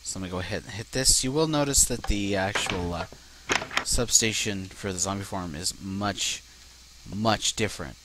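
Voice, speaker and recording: A low-voiced man speaks at normal speed over background noise as a let's play host, commenting casually on his own gameplay. When things go wrong he swears a lot and breaks into frustrated outbursts.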